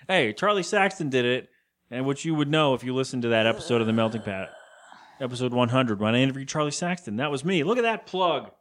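A man's voice: medium pitch, expressive, a little fast, a bit bright. Rambling podcast guy acting out scenes. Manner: rambling, acts out characters' lines in put-on voices. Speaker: podcast co-host. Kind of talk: casual chat recapping a TV episode.

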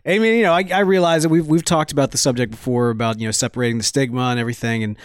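A man hosting a radio show, talking quickly and rambling through hedges and restarts in a casual chat. His voice sits at an ordinary middle pitch, recorded close and dry. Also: clean tone, no echo.

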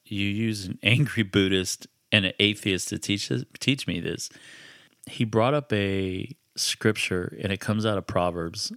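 A man with a very low voice recounts a personal story in relaxed, conversational podcast style. He talks reflectively, often restarting his sentences. The sound is dry and close, with little room around it. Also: measured pace, dry recording. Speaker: podcast host.

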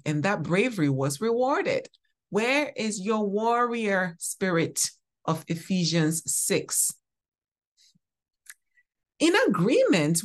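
A woman's voice: on the low side, husky. A woman hosting a devotional podcast, teaching scripture in an emphatic, preacherly way. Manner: slow, emphatic, preacherly, stresses single words. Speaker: podcast host.

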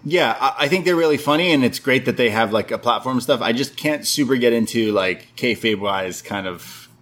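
A man co-hosting a wrestling review podcast, recapping the show in casual chat and acting out quoted lines. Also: fairly quick. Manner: animated, acts out quoted lines in high voices.

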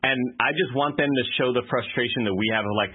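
A man's voice: mid-range voice, quick pace, breathy edge. A man on a podcast, joking about a movie in casual, profane banter. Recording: narrow phone-like audio.

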